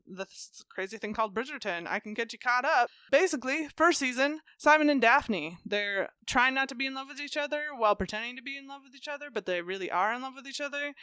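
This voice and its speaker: A woman co-hosting a podcast, giving a fast, profane, joking recap of a TV series in casual chat. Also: fairly high pitch, sharp tone, clear, resonant tone, no room sound. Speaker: podcast co-host.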